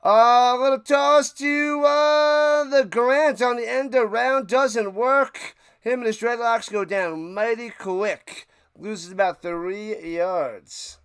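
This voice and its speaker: Excitable high-voiced man calling football. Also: slow, clear, resonant tone, no echo. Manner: excitable, bursts into loud calls. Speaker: streamer doing play-by-play. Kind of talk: casual live play-by-play commentary.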